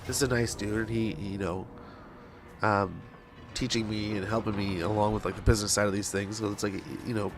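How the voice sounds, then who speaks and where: A man's voice: on the low side, level tone, brisk, background noise. A man in his thirties, a game streamer, telling a long rambling story with many restarts. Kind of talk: casual storytelling chat.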